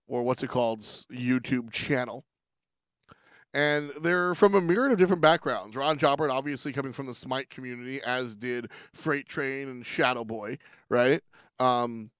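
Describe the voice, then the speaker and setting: Casual stream host: a man with a gravelly, resonant voice, rambling and chatty, on a dry close mic. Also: medium pitch, fairly bright tone, no room sound. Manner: rambling, restarts often, laughs between thoughts. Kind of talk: casual livestream chat.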